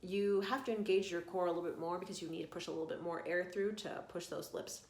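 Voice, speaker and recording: A woman singing coach guiding an online vocal warm-up lesson, giving calm, coaxing instructions. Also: lowish voice, quick pace, reverberant, heavy background noise.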